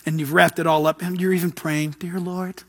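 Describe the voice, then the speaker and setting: Man, high voice, preaching a sermon, emphatic, storytelling. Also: flat delivery, a little fast, big-room sound. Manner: emphatic preaching, tells jokes and stories, rising to loud exhortation.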